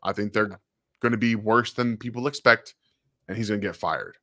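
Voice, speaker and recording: A man speaking as a guest football analyst in casual chat, giving quick, enthusiastic draft takes. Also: on the low side, pushed and bright, dry recording, studio quality.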